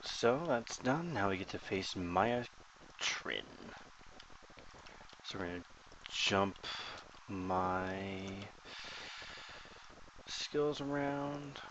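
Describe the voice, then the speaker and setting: A man's voice: lowish voice, lively intonation, very slow, pauses often, fairly bright tone, a little hiss or hum, low-quality recording. A man casually commentating his own online game run, thinking aloud and joking as he plays. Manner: thinks aloud while playing, chatty and joking.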